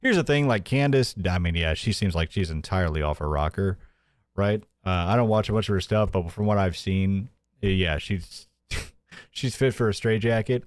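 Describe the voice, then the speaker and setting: A man hosting a news commentary stream, energetic and joking, often laughing at what he covers. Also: low-pitched, moderate pace, no room sound, studio quality. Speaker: host.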